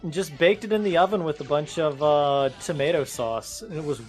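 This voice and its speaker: A man's voice: on the high side, normal speed, faint music behind. A man co-hosting a gaming video, chatting drily and explaining things at length. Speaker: co-host. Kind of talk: casual gaming chat.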